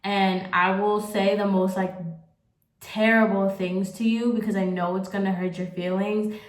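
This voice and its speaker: A young woman talks straight to the camera in a loose, confessional ramble, leaning on "like" again and again. Her voice sits at an ordinary middle pitch, and the room around her rings with a noticeable echo. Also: little pitch movement, moderate pace. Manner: rambling, candid, heavy use of "like". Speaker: vlogger. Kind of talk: casual confessional chat. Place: at home, getting ready on camera. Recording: roomy echo.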